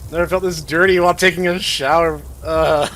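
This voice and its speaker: A man hosting a game let's play, making wry deadpan asides as he plays. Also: a little high, fairly quick. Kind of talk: casual gameplay commentary.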